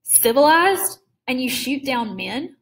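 A woman's voice: high voice, sing-song, slow, far from the mic, exaggerated voice. A woman voicing a principled young male hunter in a storybook reading, earnest and indignant.

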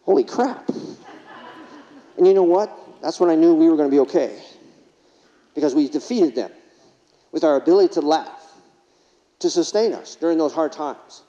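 A man with a slightly high, mellow voice and lively intonation speaks at normal speed with long pauses. Giving a keynote in a large conference hall, he tells funny anecdotes and asks the audience rhetorical questions, captured distantly with dull hall reverb.

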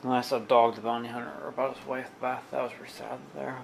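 Man vlogger, gravelly and sarcastic, casual rambling delivery, faint hiss behind. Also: medium pitch, flat delivery, quick pace, rough recording. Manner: sarcastic, talks to his dog.

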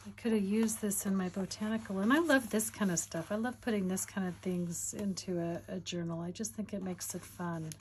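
A woman's voice: medium pitch, steady tone, a little fast, hardly any pauses, slight background noise. A woman chatting casually in a crafting vlog, rambling and giggly while she shows off her finds. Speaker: crafting vlogger. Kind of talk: casual show-and-tell chat.

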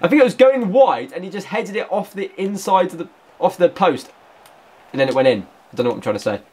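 Male gaming YouTuber, high voice with lots of swing, excitable play-by-play. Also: brisk, breathy edge. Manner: excitable, shouts at the game. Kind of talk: gameplay commentary.

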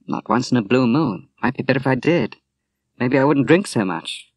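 A man's voice: mid-range voice, animated, normal speed, dry recording. A man voicing a bold, outspoken young Australian woman in a storybook reading, with a teasing, blunt manner. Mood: brash.

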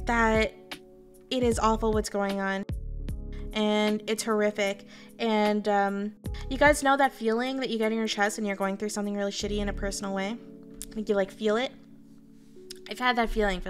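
A woman's voice: mid-range voice, steady tone, normal speed, long pauses, soft background music. A Canadian woman streamer talking casually to her viewers, candid and rambling, swearing freely. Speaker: VTuber streamer.

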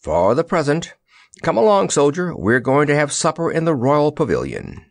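A man's voice: fairly high pitch, huge pitch swings, gravelly, dry recording, studio quality, voice pushed up, heavily acted. A man doing a puffing little wizard. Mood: brisk. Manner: puffing, quick exclamations. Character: little male wizard, fussy and excitable.

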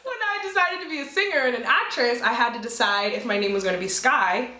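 A woman's voice: a little high, fast. A young woman, a singer and comedian, talking candidly about her name in an interview, acting out the people she quotes. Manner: animated, acts out quoted people. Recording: roomy echo.

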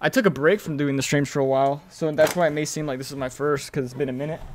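A young man streaming a video game, chatting casually with viewers, excitable and swearing freely, yelling when the action heats up. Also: on the high side. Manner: excitable, swears freely, yells during fights. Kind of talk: casual live-stream chat and gameplay commentary.

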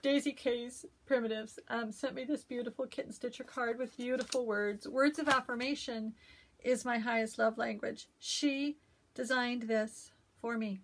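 Her voice runs on the high side with fairly even intonation at normal speed, plus a little hiss or hum in the recording. She's a middle-aged woman gushing, with lots of fillers, about cross-stitched gifts in a home vlog from her messy room, swinging the camera around as she speaks.

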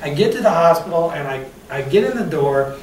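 His voice runs on the high side, and he talks fairly quickly and with animation. He's giving a customer service pep talk full of personal anecdotes and questions for the crowd, picked up by a distant mic in a reverberant room with light hiss.

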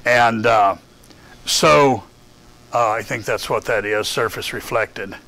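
A man running a lab session, explaining a data file while thinking aloud, halting with many fillers. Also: medium pitch, gravelly, sharp tone, a little hiss or hum. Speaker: lab instructor. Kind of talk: classroom lab walkthrough.

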